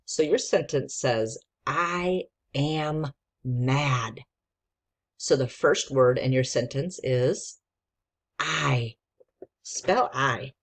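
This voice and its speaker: A woman's voice: extremely low pitch, takes it slowly, breathy edge. A woman teacher giving a patient, encouraging spelling lesson to young children and sounding out letters.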